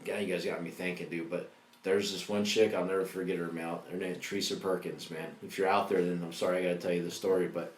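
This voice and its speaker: A man in his thirties telling rambling, profane stories on a casual comedy podcast, full of slang. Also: fast talker. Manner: profane, rambling, slangy, bursts into high excited voices for quotes. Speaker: podcast host. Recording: roomy echo.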